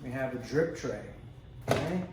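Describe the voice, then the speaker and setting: A man's voice: medium pitch, moderate pace. A man chatting casually with frequent ums and asides as he unboxes a coffee maker at home. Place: home room with a dog. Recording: echoey room, distant mic, noisy background.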